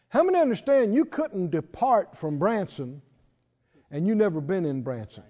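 A man preaching a sermon, folksy and emphatic, drawing out scripture quotes slowly and asking his listeners questions. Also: high-pitched, big pitch swings, warm tone. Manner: folksy, asks the audience questions. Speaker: pastor. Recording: dull lo-fi recording in a reverberant hall.

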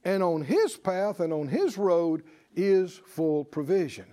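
Animated high-voiced male preacher. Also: slow pace. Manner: animated, emphatic, rising to exclamations. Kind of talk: sermon.

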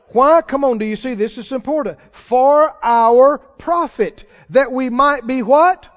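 A man preaching a sermon to a congregation, animated and throwing questions back at the listeners. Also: very high voice. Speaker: pastor. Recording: dull lo-fi sound with long hall reverb.

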